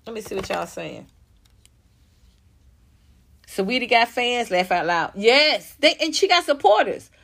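Ranting, scornful young woman, high voice. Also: lively intonation, measured pace, vocal fry, pauses often, fairly bright tone. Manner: profane, scornful, ranting with mocking quotes. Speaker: commentary vlogger. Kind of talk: heated reaction commentary.

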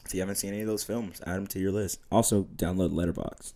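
A man's voice: low voice, steady tone, fast, dark tone. A young man co-hosting a podcast, chatting casually about films in a laid-back, slangy way with plenty of swearing. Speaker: podcast co-host.

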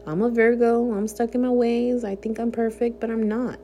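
A woman's voice: a little high, steady tone, normal speed, warm tone, faint music behind. A young woman talking candidly and earnestly to her viewers in a personal vlog. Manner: earnest, heartfelt, speaks directly to viewers. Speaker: vlogger.

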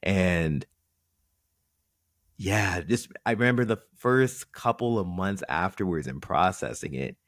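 A young man hosting a conversational interview, attentive, with soft backchannels. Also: low voice, expressive, takes it slowly, no room sound, clean studio sound. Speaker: interview host.

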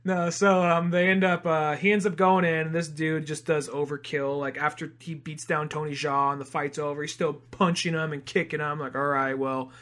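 Young guy cohosting a movie podcast, jokey and profane, voice a bit high. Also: level tone, moderate pace, few pauses, a bit bright. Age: young adult. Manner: profane, jokey, acts out villain lines. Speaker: podcast co-host. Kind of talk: casual movie-review chat.

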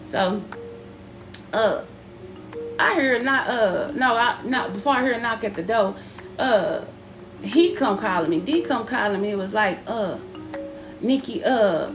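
A woman telling a personal story in a casual, profane, animated way, acting out the people she quotes. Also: medium pitch, moderate pace, soft background music.

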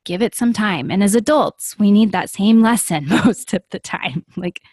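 A woman's voice: medium pitch, animated, moderate pace, a little mellow, no echo, clean studio sound. Thoughtful mother talking things through. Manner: thoughtful, explanatory, repeats for emphasis. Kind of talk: casual conversation.

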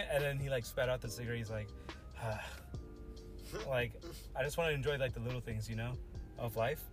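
A man's voice: medium pitch, steady tone, brisk, long pauses, music in the background. A young man co-hosting a casual podcast chat, slangy and swearing, laughing often. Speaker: podcast co-host.

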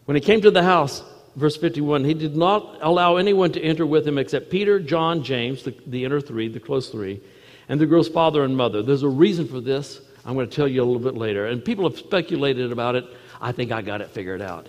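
A man preaching a sermon in earnest, repeating key phrases and dropping to a soft voice at moments. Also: a little high, long reverb tail. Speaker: pastor.

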